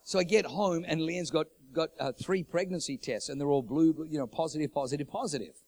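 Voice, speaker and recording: Fervent preacher man. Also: fairly quick. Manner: swings from loud fervent preaching to hushed, low storytelling; repeats phrases for emphasis. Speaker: pastor. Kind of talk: sermon storytelling.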